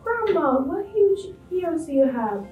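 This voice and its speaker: A woman voicing a sweet, cheerful little girl in a storybook reading, with a high, soft, childlike way of asking questions. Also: very animated, takes it slowly, reverberant, distant mic, narrow, tinny audio, soft background music, full character voice. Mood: innocent.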